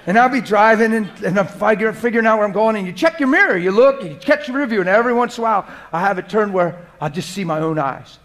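A pastor preaching a sermon to a congregation in a room, talking straight to the people in front of him. He swings from soft, hushed prayer to loud, lively preaching. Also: high-pitched, quick pace, few pauses. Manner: earnest, conversational preaching, addressing the room directly. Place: church hall before a congregation.

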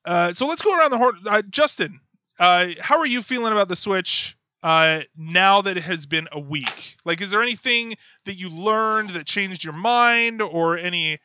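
A man's voice: high voice, animated, moderate pace, bright, forceful tone, clear, resonant tone, dry recording. A man hosting a casual podcast, chatty and steering the conversation between guests. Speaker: podcast host. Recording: dry, dull lo-fi audio.

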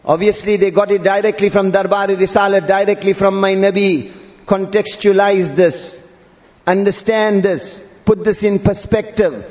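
High-pitched guy preaching, stretches and repeats words, dull muffled sound. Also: fairly even intonation, normal speed, a little mellow. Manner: repeats and drawls Arabic terms, rising emphatically. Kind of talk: sermon. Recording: dull audio in a long-reverb hall.

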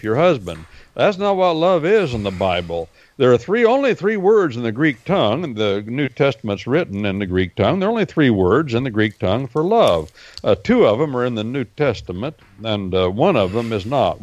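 A man, a regular guest on a radio talk show, explaining Bible words at length, repeating himself and filling pauses with "uh". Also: mid-range voice, a little mellow, dry recording. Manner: explanatory and repetitive, with many fillers. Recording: dull, dry lo-fi sound.

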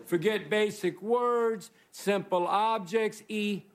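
A man from Texas giving a rambling, deadpan, self-mocking stand-up monologue as guest host on a stage before a live audience. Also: high voice, slow, a little hiss or hum. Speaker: comedy show guest host. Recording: roaring studio audience laughter.

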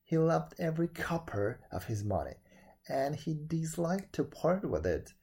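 A male narrator reading an old folk tale aloud with dramatic expression. His pitch rises and falls a lot, and his voice has a warm, somewhat husky tone. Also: big pitch swings, measured pace.

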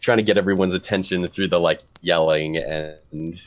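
A man casually describing his character's actions as a player, relaxed and quick to laugh. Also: sits low, slight background noise. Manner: relaxed, laughs easily, hedging. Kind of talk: casual tabletop play.

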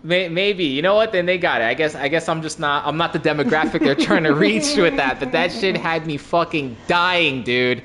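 A man's voice: fairly high pitch, lively intonation, moderate pace, few pauses, over a noisy crowd. A young man in casual chat about video games, laid-back, swearing freely and repeating words as he talks.

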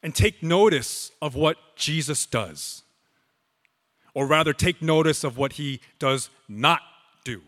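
Pastor, male, slow emphatic sermon delivery, bright tense tone, reverberant hall. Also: on the high side, expressive. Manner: slow, emphatic preaching with dramatic pauses.

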